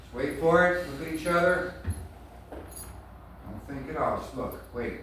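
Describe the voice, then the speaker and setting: A man's voice: fairly high pitch, lively intonation, measured pace, fairly bright tone. A man coaching an acting class, talking bluntly and with energy, laughing often. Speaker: acting teacher. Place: large echoey studio room. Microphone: far camera mic. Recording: echoey room from a distance, noisy.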